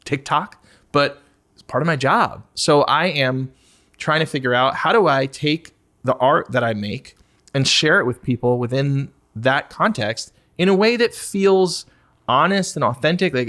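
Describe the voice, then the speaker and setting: A man in his forties with a slightly high voice, talking candidly as a podcast guest. His pitch swings widely as he speaks, and he breaks into exaggerated mock voices to make a point. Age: 40s. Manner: animated, puts on high mock voices to act out asking for attention. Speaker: guest musician.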